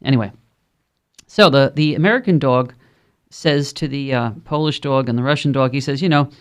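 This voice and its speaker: A man's voice: mid-range voice, normal speed, clean tone. A man with a Brooklyn accent hosting a call-in radio talk show, speaking in a conversational, rambling way with frequent ums and uhs. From Brooklyn, New York.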